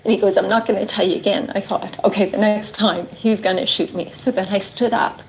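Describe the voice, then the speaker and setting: A woman's voice: medium pitch, steady tone, a little fast, slight background noise, low-quality recording. A middle-aged woman giving earnest interview testimony, retelling events and quoting what was said with frequent "like" fillers. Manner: earnest, quotes herself and others, many "like" fillers. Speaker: interviewee recounting her ordeal.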